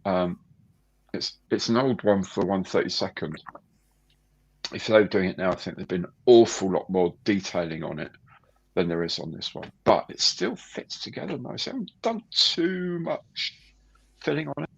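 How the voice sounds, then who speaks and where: Gravelly-voiced man hosting a live stream. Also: deep voice, sing-song, normal speed, highs cut off. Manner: chatty, greets viewers warmly by name. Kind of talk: casual live stream chat.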